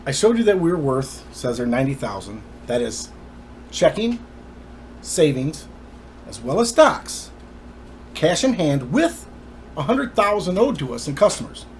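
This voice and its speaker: A man's voice: a little high, very animated, measured pace, long pauses, slight background noise. A man telling his personal story to the camera in an emphatic, indignant way.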